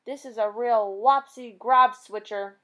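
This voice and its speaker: A woman voicing a big, gentle, excitable male giant who mangles his grammar and makes up words. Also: fairly high pitch, unhurried. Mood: indignant.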